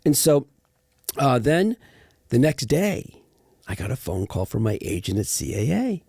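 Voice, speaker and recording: As a guest in a casual interview, a middle-aged actor tells stories animatedly and acts out the people he quotes. His voice is gravelly and husky at a medium pitch and measured pace, captured in clean studio sound with no echo.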